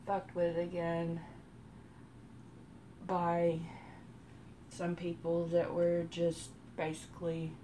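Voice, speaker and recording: Texan woman, unhurried rambling storyteller, lowish voice, faint background hum. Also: a little mellow. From Texas. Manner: slow rambling delivery with many pauses. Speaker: live streamer. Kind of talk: casual storytelling during a makeup routine.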